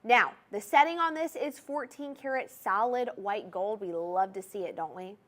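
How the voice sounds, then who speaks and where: A woman's voice: mid-range voice, moderate pace. A young woman with a Southern US accent, hosting a TV jewelry shopping show in a bubbly, chatty, salesy manner. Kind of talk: TV shopping presentation.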